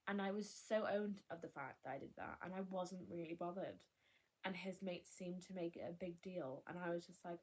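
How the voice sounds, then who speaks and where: A woman's voice: lowish voice, a little fast. A young woman vlogger chatting candidly, rambling and cutting herself off with laughs. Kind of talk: casual chat.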